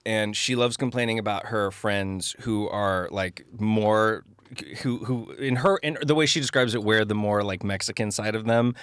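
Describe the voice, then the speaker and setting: This is a man in his thirties talking as a guest on a podcast in an easy, joking way, often doubling back mid-sentence. His voice sits a little low. The sound is dry and close, with no room in it. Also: moderate pace, fairly bright tone, smooth, dry recording. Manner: joking, rambling with restarts. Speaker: music producer and engineer guest. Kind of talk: casual podcast chat.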